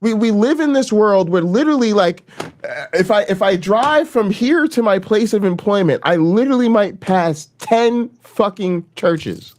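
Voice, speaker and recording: Profane, animated man ranting. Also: sits high, normal speed. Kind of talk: casual podcast chat.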